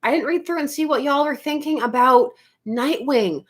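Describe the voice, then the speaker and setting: A woman's voice: high voice, moderate pace. A young woman hosting a casual comics livestream, chatting with viewers and laughing often. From Canada. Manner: animated, giggly, chatty with viewers.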